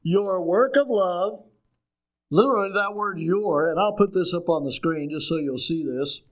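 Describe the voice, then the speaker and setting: An older man preaching a sermon as pastor, emphatic and deliberate, asking the congregation questions. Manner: preaching with call-and-response questions; slow, emphatic phrasing with rising and falling pitch.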